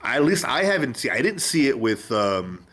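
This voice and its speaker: A man of ordinary pitch in casual podcast chat. He hesitates often, filling pauses and restarting sentences. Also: very animated, fairly bright tone, a little hiss or hum. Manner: hesitant, lots of fillers and restarts. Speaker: podcast panelist.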